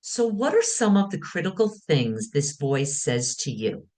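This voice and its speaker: A woman speaking as a wellness teacher, guiding listeners calmly in short, measured phrases. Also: low-pitched. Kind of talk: guided teaching talk.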